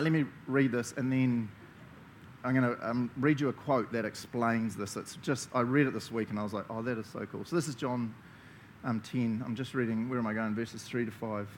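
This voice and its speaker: A man's voice: medium pitch, moderate pace, a little hiss or hum. A man with a New Zealand accent preaching a conversational sermon, enthusiastic and chatty, laughing often as he talks. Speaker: pastor.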